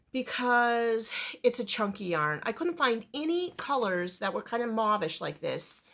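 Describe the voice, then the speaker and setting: Casual woman vlogger, slightly high voice, rambling and full of fillers. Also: fairly bright tone, slight background noise. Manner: chatty, rambling, with fillers and self-corrections. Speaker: crochet vlogger. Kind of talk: casual chat to camera.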